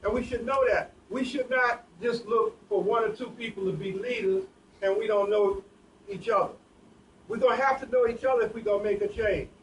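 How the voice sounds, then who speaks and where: A high-pitched man moderates a community panel, urging people to speak up, stumbling over his first words. He sits away from the mic, with a faint hiss in the background. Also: steady tone. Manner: encouraging, halting restarts. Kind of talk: panel discussion. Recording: distant mic, faint noise.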